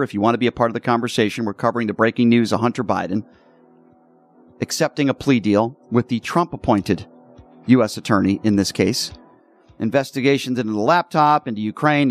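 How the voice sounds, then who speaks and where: A man's voice: medium pitch, dry recording. A man hosting a talk radio show, argumentative and emphatic in his commentary.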